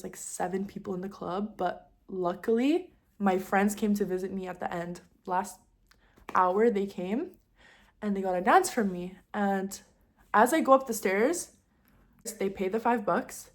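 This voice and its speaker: A young adult woman telling a casual storytime, talking fast with lots of fillers and getting heated as she vents. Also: medium pitch. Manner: fast chatty delivery with constant fillers; heated and animated when venting. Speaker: vlogger.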